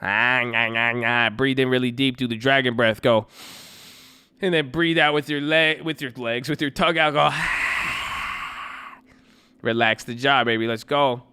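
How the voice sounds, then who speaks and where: A man hosting a livestream, hyped and slangy as he coaches viewers. His voice is smooth and clear, recorded close and dry with no room sound. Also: medium pitch, moderate pace, sharp tone, no room sound. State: sore throat. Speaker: livestream trading host. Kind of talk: casual livestream chat.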